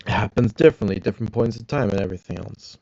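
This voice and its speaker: A man's voice: lowish voice, racing, gravelly, darkish tone, dry recording, dull audio. Rambling man muttering theories aloud. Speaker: reacting vlogger. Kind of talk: arguing back at a science video.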